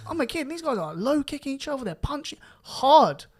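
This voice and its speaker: A young man telling his story in a casual podcast chat, animated and swearing now and then. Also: very high-pitched, fairly quick. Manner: animated, rising loud when excited, swears casually. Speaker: podcast guest karate champion.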